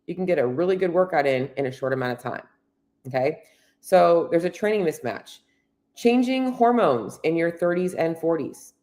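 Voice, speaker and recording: Blunt, lower-voiced woman coach. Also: lively intonation, moderate pace, darkish tone. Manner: blunt and candid, swears freely; earnest, coaching tone addressing women directly. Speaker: fitness and health coach. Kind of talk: solo podcast monologue.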